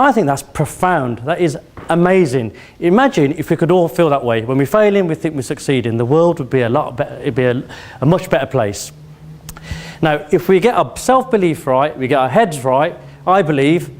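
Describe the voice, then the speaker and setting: A Birmingham man in his forties, speaking with a Birmingham accent, gives a motivational speech as a competition speaker in an event hall. He draws the audience in with questions and anecdotes, his voice fairly high with a darkish tone.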